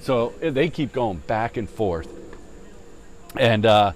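A man telling a golf story in casual chat, swearing often and acting out the shouting people in it. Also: mid-range voice, slow, slight background noise. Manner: animated, swearing, mimics yelling voices in stories.

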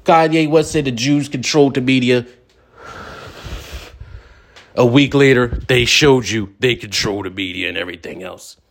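A man's voice: medium pitch, brisk. A man hosting a ranting vlog segment, talking in a profane, drawling way while smoking. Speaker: vlog host.

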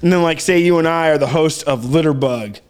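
A man's voice: a little high, fairly quick, clear, resonant tone. A man co-hosting a casual comedy podcast, rambling through a bit and laughing often. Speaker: podcast co-host.

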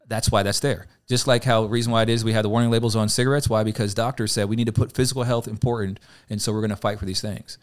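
Fast-talking, deep-voiced male pastor. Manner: rambling, earnest, acts out quoted dialogue. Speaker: pastor and podcast co-host. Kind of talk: casual conversational podcast.

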